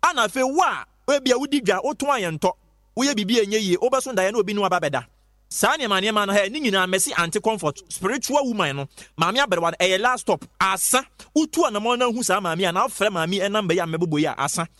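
Man, radio ad pitch, rapid delivery, high voice, dry close sound. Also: animated, sharp tone, no room sound. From Ghana. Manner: fast, insistent, repeating phrases. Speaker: radio presenter. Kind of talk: hyped radio advert pitch.

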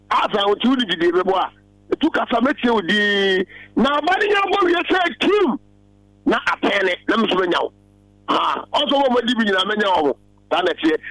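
High-voiced Ghanaian man hosting a lotto call-in. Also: fairly bright tone, dry recording, rough recording. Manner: chatty, repeats phone number slowly, greets callers. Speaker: lotto tipster show host. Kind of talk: casual call-in talk.

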